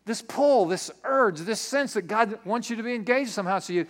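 Guy preaching, pretty high voice, acts stuff out, says things twice for emphasis. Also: fairly quick. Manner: animated, acts out scenes, repeats key phrases. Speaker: pastor. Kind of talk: sermon.

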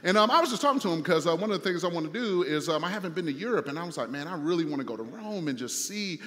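High-voiced man preaching in a reverberant hall. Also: expressive, racing, fairly bright tone. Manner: conversational preaching with repeated phrases and fillers. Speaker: pastor. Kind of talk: sermon.

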